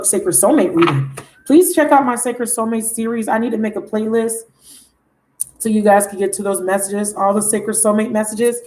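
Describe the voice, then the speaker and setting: A woman giving a casual tarot reading in an animated, chatty way, with exclamations and self-interruptions. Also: medium pitch, slight background noise, rough recording. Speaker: tarot reader.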